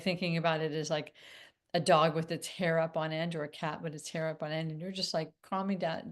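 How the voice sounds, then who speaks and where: A woman relationship coach talking to viewers in a gentle, meandering way, with many fillers and restarts. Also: low voice. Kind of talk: casual teaching monologue.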